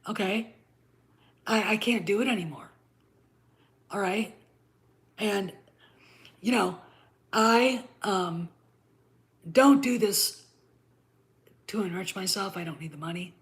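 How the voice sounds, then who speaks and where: A woman's voice: medium pitch, slow, pauses often. A middle-aged woman vents at her audience in blunt, profanity-laced commentary. She keeps stopping to demand "okay?" and "all right?" as she drives her points home. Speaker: channel host. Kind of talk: ranting commentary to camera.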